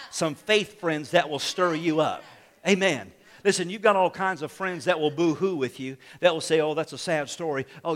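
A male pastor preaching a sermon with fiery shouts, calls of amen and exhortations to the congregation. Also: a little high.

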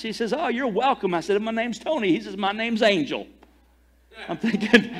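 A pastor preaching a sermon in a storytelling way, rising to loud emphatic peaks and dropping to quiet asides. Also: male voice, high voice, animated, moderate pace.

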